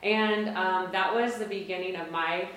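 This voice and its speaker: A woman in her late thirties telling a personal story to an audience, conversational and self-deprecating, with quick asides. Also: mid-range voice, fairly even intonation, fairly bright tone, slight background noise. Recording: very echoey hall.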